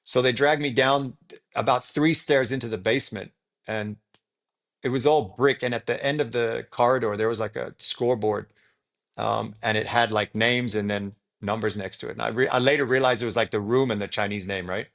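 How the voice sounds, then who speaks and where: A young man with an Australian accent speaks in a gravelly, fry-laden voice at a middling pitch. He tells his story casually and rambles, filling his speech with likes and ums, as a guest on an interview show. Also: fairly even intonation, normal speed, a bit bright. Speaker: podcast guest.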